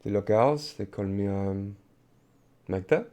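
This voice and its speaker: A man's voice: sits low, level tone, normal speed, warm tone, close to an everyday voice. A man voicing a mysterious elven witch woman in a tabletop game, speaking in a coolly evasive way. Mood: aloof.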